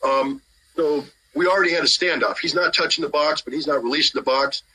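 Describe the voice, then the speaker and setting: A middle-aged man telling a long anecdote in a lively way, acting out the lines of the people in it. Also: a little high, fairly quick, a little hiss or hum, poor audio. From United States. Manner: lively, acts out dialogue with shifting voices. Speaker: guest telling a story. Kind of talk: animated anecdotal storytelling.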